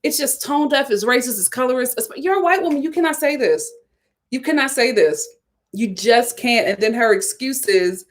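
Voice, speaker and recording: An American woman hosting a casual commentary show, reading viewer comments and telling stories in an animated, chatty way. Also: a little high, normal speed. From United States. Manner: animated, storytelling. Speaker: host.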